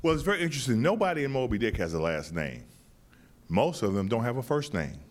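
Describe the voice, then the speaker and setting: A man who wrote and staged the play, answering interview questions in a thoughtful, halting way with many restarts. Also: medium pitch, very animated. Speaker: playwright and director.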